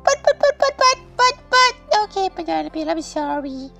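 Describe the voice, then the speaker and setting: A man voicing a fussy, excitable sidekick companion with a whiny, pleading way of talking. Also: extremely high pitch, moderate pace, creaky, soft background music, voice pushed up, exaggerated voice.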